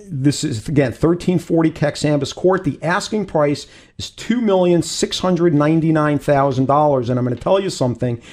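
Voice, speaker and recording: A man hosting a radio real estate show, pitching a listing with emphatic enthusiasm. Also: darkish tone. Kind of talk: casual radio talk show.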